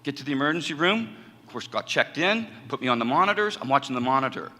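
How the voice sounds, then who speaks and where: A man's voice: mid-range voice, fast talker. A middle-aged man, a communication professor, giving a conversational personal testimony to a college audience in a chapel hall. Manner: storytelling, animated and conversational.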